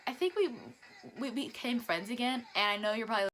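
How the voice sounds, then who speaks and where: A teenage girl talks straight into her phone camera for a casual storytime vlog. She's animated and chatty and stumbles through restarts and giggles. Her voice is bright and sits a bit high. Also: a little fast. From northern Virginia, US. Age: teens. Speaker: vlogger.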